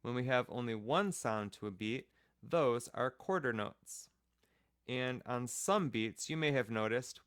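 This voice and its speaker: A man's voice: mid-range voice, fairly bright tone, smooth, no echo, studio quality. A man teaching a children's music class, patiently explaining rhythm step by step and counting off the beat.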